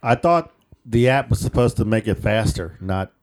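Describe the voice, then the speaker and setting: A man, co-hosting a podcast, telling joking rideshare stories with sudden excited outbursts. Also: medium pitch, moderate pace. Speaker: podcast co-host. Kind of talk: casual storytelling chat.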